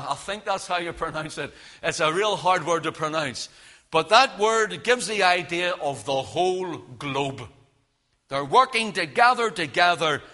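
Man, preacher, fervent sermon, high voice, bright forceful tone. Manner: fervent preaching that swings between hushed and loud.

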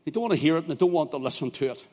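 A man's voice: on the high side, expressive, racing. Fervent Northern Irish preacher man. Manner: fervent, swinging from hushed storytelling to loud shouting. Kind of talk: sermon.

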